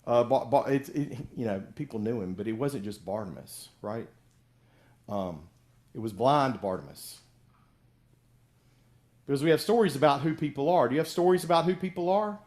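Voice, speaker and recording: A man's voice: mid-range voice, lively intonation, moderate pace, pauses often, a little mellow. A middle-aged male pastor giving a conversational sermon, acting out the voices of people in the story he tells.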